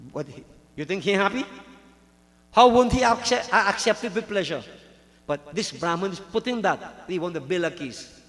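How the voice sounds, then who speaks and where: A man's voice: high-pitched, a bit bright. A man preaching a sermon to devotees, telling a story and repeating key lines for emphasis. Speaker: pandit preaching. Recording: long reverb of a hall.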